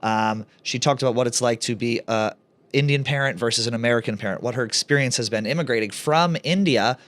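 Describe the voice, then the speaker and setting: A man's voice: medium pitch, brisk, a bit bright. A man co-hosting a comedy podcast in a campy, teasing, casual way. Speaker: podcast co-host.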